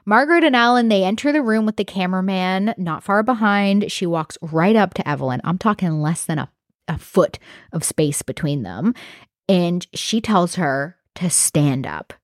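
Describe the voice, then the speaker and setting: A woman's voice: on the low side, lively intonation, normal speed, no room sound. Dry-voiced woman telling a true crime story. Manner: conversational, reactive, swears casually. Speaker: true crime podcast host. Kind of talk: casual storytelling narration.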